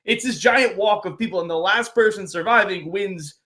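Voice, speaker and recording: A man with a high-pitched, sharp-toned voice speaks at a moderate pace as he co-hosts a podcast. In casual chat, he rambles through a story full of fillers while summarizing a book.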